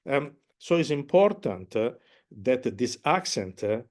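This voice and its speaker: Slow, hesitant man explaining opera. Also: medium pitch, sing-song. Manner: hesitant, many fillers, sings and hums musical phrases. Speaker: opera conductor teaching a masterclass. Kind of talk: masterclass explanation.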